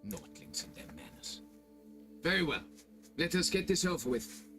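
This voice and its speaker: Pompous game aristocrat: condescending, fussy, animated intonation, faint music under. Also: male voice, a little high, normal speed, full character voice. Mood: haughty. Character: pompous middle-aged nobleman, haughty and demanding. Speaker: vineyard owner hiring a monster hunter. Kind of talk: video game voice acting.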